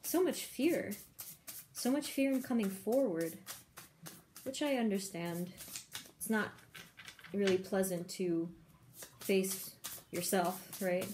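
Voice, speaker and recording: A woman giving a pick-a-card tarot reading in a gentle, soft-spoken, effusive manner. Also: medium pitch, slow pace, long pauses, slight background noise. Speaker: tarot reader.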